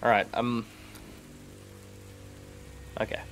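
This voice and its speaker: A man's voice: extremely slow, a bit bright, slight background noise. A man playing a tabletop game, chatting in a playful, stammering way. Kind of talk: casual chat.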